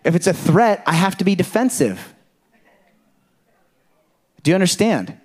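A man preaching a sermon in a conversational, animated way, full of rhetorical questions and illustrations from his home life. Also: high voice, a little slow. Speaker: pastor.

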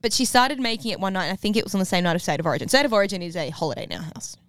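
A woman's voice: medium pitch, animated, racing, fairly bright tone, dry recording, clean studio sound. A young woman co-hosting a podcast, telling stories in a giggly, chatty way. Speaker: podcast co-host. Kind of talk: casual chat.

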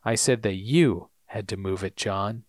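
A man voicing a calm, knowing older man from a TV drama, speaking in a low, measured way while recapping scenes. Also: no room sound, clean studio sound, close to an everyday voice.

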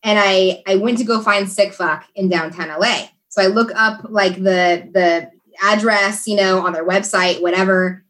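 A woman telling a story in a chatty, animated way, as a guest in a conversation. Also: medium pitch, moderate pace. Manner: animated, chatty, many fillers. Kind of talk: casual storytelling.

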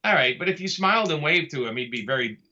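Easygoing new guy chatting in an interview, bright forceful voice, kinda muffled audio. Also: a little high, lively intonation, fast talker. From Brooklyn, New York. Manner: easygoing, chatty, laughs while talking. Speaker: comic artist guest. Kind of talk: casual interview conversation.

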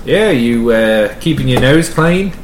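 A jovial armored commander with a rough attempt at an Australian accent, his greetings lively and swinging in pitch, as a man puts him on. The voice sits in a roomy space with noticeable background noise. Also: measured pace, close to an everyday voice. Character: gruff male commander in red armor.

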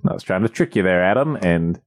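Very deep-voiced man joking around. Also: lively intonation, fairly quick, no room sound. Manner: dry, joking, rambling. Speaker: podcast co-host. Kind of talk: casual comedic chat.

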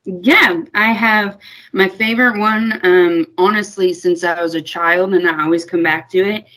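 A woman's voice: fairly low pitch, measured pace, fairly bright tone, rough recording. Young woman, interview guest, sincere, emotional, conversational. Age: young adult. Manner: sincere, emotional, laughs when choked up.

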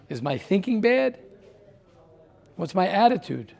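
A man with a notably high voice leads a class discussion. He talks in a stream of rhetorical questions, repeating phrases as he presses his point. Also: moderate pace, darkish tone. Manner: rhetorical questions, repeats himself, grows heated. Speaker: teacher. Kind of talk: classroom talk with students.

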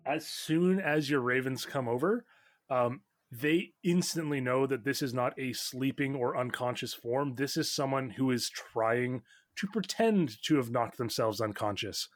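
Slow-talking male game master. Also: medium pitch, no room sound, studio quality. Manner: relaxed, halting narration with many fillers. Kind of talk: narrating a tabletop game.

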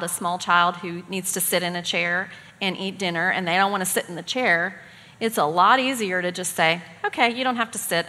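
A middle-aged woman co-teaching a parenting class at a church, giving practical advice in a steady, calm way. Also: lowish voice. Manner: steady, practical, gives examples. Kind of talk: calm instructional talk. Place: church hall. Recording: long hall reverb.

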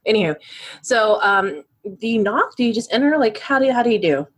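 A woman's voice: on the high side, expressive, brisk, breathy edge. A woman narrating as game master of a tabletop game, casual with lots of fillers.

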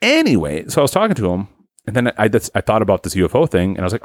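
A man's voice: fairly low pitch, wildly swooping pitch, rapid-fire, no echo. A man co-hosting a casual podcast chat, rambling and swearing as he tells a story with many restarts. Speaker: podcast co-host.

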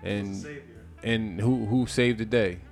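A man co-hosting a casual discussion, rambling with many restarts and growing animated at times. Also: fairly low pitch, slow pace, creaky, faint music behind.

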